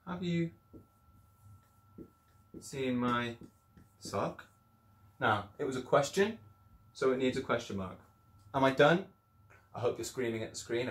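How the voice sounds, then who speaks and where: A male primary school teacher giving an upbeat, encouraging video lesson, sometimes acting out voices as he explains. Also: medium pitch. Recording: echoey room.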